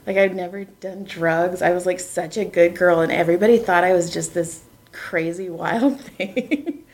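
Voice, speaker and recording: A woman hosting a casual chat in a basement, telling lively stories, acting out the quotes and laughing often. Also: fairly low pitch, normal speed. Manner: animated storyteller acting out quotes. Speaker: podcast host. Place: basement room.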